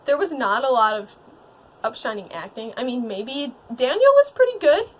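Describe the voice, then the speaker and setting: A young woman reviewing a movie in casual chat with a friend, recapping the plot eagerly and trailing off softly. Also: sits high, big pitch swings, normal speed, dull audio.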